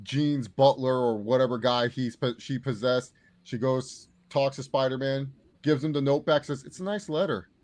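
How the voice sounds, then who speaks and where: An enthusiastic man on a casual movie review podcast, at a middle pitch. He chimes in with quoted reactions. His voice sounds dry and close. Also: steady tone, normal speed, a little mellow, dry recording. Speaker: podcast co-host.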